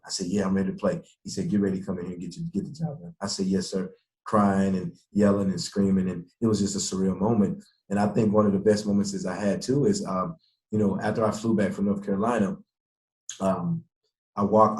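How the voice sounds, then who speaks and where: A man, a former pro football player, telling animated stories in an interview and acting out the people he quotes. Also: on the low side. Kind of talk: interview storytelling. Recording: echoey room.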